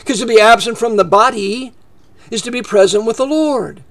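A man's voice: extremely high pitch, normal speed, fairly bright tone. A man preaching a fiery political sermon, heated and sarcastic, rambling with restarts.

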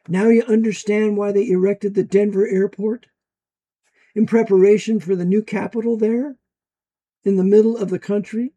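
High-voiced emphatic American man. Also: steady tone, moderate pace. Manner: emphatic, preachy, rising to loud bursts. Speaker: commentator. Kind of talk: monologue reading aloud from a book.

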